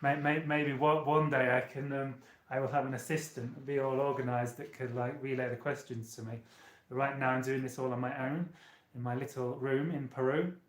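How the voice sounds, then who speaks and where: A British man hosts a casual live stream from a small hotel room, rambling chattily and speaking directly to his viewers. His medium-pitched voice is fairly quick with fairly even intonation, and the room gives a noticeable echo.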